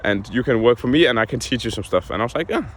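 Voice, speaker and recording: A man's voice: mid-range voice, animated, fast. Young man venting in a casual vlog. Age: young adult. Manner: frank, heated, swears often. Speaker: vlogger.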